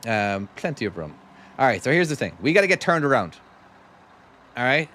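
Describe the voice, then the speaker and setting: A man with a Cork Irish accent softened by years in America, chatting casually with viewers and thanking them while he plays a trucking game on a live stream. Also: medium pitch, big pitch swings, normal speed. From Ireland.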